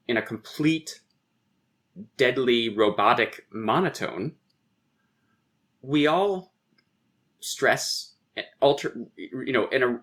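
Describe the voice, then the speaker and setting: A man's voice: medium pitch, fairly bright tone. A man, a poet and guest, reflectively explaining verse and tapping out rhythms aloud. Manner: lecturing, taps out rhythms aloud.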